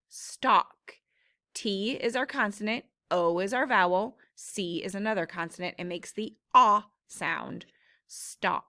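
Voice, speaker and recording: A woman's voice: mid-range voice, fairly bright tone. A woman teaching a phonics lesson, speaking patiently and sounding out each word. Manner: slow, patient, sounds words out.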